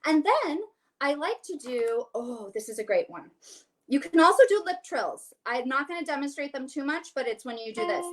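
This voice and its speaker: A woman's voice: high-pitched, expressive, moderate pace, a bit bright, a little hiss or hum. A woman, a soprano, giving a vocal coaching session over a video call. She explains each exercise and then sings it, with a light, joking touch.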